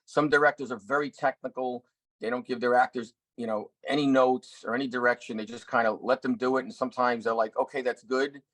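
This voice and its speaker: A middle-aged actor and director telling a story in an interview, earnest, with many restarts. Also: male voice, medium pitch, fairly even intonation, brisk, fairly bright tone, dry recording, low-quality recording. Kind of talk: anecdotal interview talk.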